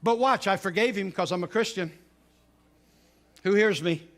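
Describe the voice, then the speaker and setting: Middle-aged pastor, very high voice, storytelling sermon style, swings from loud to hushed. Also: male voice, normal speed.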